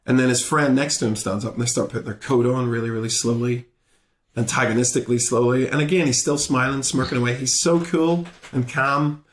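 A guest comedian from Belfast, Northern Ireland, tells a story in a podcast interview, acting out both sides and slipping into everyone's voices. His mid-range voice is brisk, casual and freely profane, and the room adds noticeable echo.

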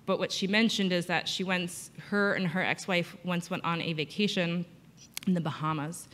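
A woman physical therapist gives a conference talk in a hall, telling patient stories and acting out their quotes. Her voice is on the low side and a bit bright, with fairly even intonation and a moderate pace, carrying long hall reverb and slight background noise.

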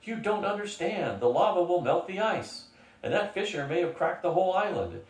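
A high, frantic little schoolmaster gasping out warnings, as an older man reads him aloud from a storybook. The voice lifts well above a plain speaking tone, and the room rings around it from a distance. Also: very animated, normal speed. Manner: breathless pleading. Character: panicky small male schoolmaster, frantic. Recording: roomy, from a distance.

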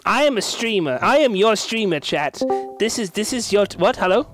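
Excitable streamer man, lively pitch. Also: moderate pace, loud music behind the voice. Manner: excitable, laughs a lot, yells in bursts. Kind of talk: casual chat while gaming.

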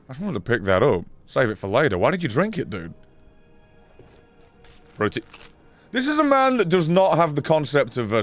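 Excitable, swearing gaming commentator man. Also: medium pitch. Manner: excitable, profane, laughs often. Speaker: gaming YouTuber. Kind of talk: let's play commentary.

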